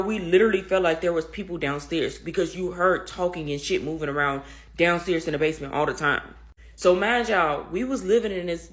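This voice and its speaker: This is a laid-back, slangy storyteller recounting a creepy true story to an audience they call y'all. The pitch sits in an ordinary middle range. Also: a bit bright. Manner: casual, slangy, addresses listeners as y'all. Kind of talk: casual spoken storytelling.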